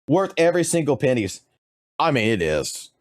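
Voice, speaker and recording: A man's voice: medium pitch, very animated, normal speed, dry recording, studio quality. A man streaming a game, ranting heatedly about spending and swearing constantly. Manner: heated, heavily profane ranting. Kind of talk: ranting reaction commentary.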